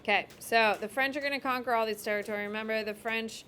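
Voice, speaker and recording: A woman's voice: fairly high pitch, steady tone, quick pace, sharp tone, slight background noise. A woman teacher giving a casual, emphatic classroom lecture while drawing on a map.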